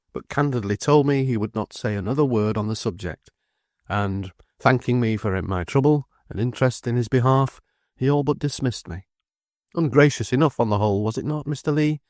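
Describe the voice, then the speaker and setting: A man voicing a brisk, decisive middle-aged defence lawyer who speaks quickly and with emphasis. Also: mid-range voice, a little mellow, no room sound, clean studio sound, voice pushed up, natural voice.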